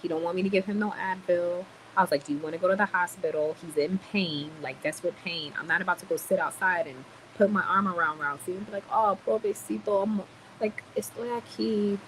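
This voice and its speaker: A woman ranting in a casual vlog, blunt and animated, swearing and then apologizing for it. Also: on the low side, quick pace, few pauses, slight background noise, low-quality recording. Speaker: vlogger. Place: home in the Dominican Republic, quiet ambience.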